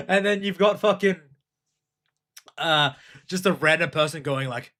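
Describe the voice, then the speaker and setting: A man's voice: fairly high pitch, normal speed, pushed and bright. Casual swearing livestream host, man. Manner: swearing, rambling, reads chat aloud.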